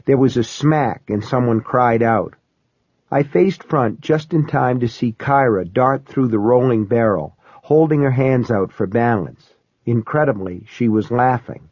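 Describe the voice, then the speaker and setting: A man reads a first-person horror story with measured, steady storytelling. His voice is dry and close, and the recording sounds dull and lo-fi. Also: medium pitch, no echo. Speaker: audiobook narrator.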